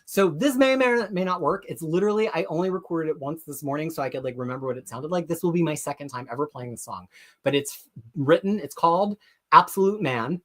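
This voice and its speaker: A chatty live-stream host runs through viewer comments in a loose, excitable way. The talk rambles and doubles back with frequent self-corrections, in an ordinary mid-pitched voice. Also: brisk.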